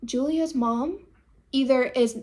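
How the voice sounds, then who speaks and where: Chatty young woman, high voice. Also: slow pace. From United States. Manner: chatty, expressive, peppered with "like" and "okay"; animated, jumps into high-pitched voices for quoted people. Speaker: vlogger recapping a drama. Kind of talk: casual unscripted recap.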